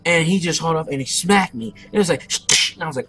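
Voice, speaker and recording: A young man narrating his online game play, telling a loud, profane story about a fight. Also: fairly high pitch, quick pace. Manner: brash, profane, boastful storyteller. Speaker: gameplay commentator. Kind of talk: casual let's play storytelling.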